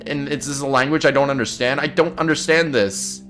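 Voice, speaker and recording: A man's voice: medium pitch, fairly even intonation, brisk, fairly bright tone. A man giving gameplay commentary, flustered and swearing a lot as he talks to his viewers. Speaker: let's play gamer. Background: game music.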